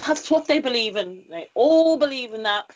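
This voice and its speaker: A woman's voice: fairly high pitch, lively intonation, moderate pace, muffled recording, slight background noise. A woman hosting a casual talk show, ranting in an indignant, exasperated way. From Ireland. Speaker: host. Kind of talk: casual chat.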